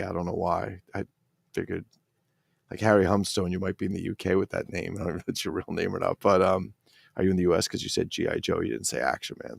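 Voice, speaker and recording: A middle-aged man with a New Jersey accent hosts a casual livestream, excitable and profane, rambling as he reads out chat comments. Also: low-pitched, vocal fry, no echo, clean studio sound. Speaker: toy collector livestream host.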